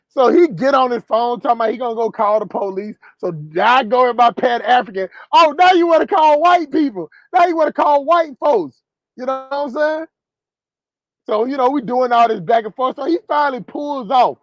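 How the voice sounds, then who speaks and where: A man who drives trucks telling a profane story to his viewers in an animated way. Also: very high-pitched, no echo, poor audio. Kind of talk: storytelling vlog.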